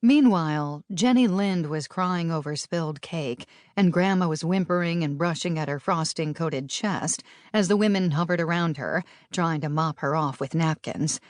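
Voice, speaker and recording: A woman with a low voice narrates an audiobook, brisk and lively in her storytelling. The recording is dry and close, with no room sound. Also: no echo.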